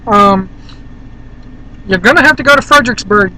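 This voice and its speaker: A vlogger from Virginia, USA, rambles bluntly and casually to a handheld camera while in a car. His voice sits high with a sharp tone at a moderate pace, and the recording is low quality.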